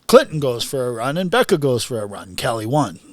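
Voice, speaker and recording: A man's voice: medium pitch, a little fast, no room sound. Storytelling man, dry close mic. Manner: storytelling, laughs often, animated bursts. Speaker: podcast guest, boxing trainer. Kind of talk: casual chat.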